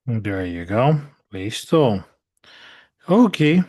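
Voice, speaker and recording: Man, English teacher, mixes translations, asks students questions, mid pitch, dry close sound. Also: very animated, extremely slow, mellow, slightly rough, dry recording. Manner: mixes English with Spanish translations, checks understanding often. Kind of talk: bilingual classroom lesson.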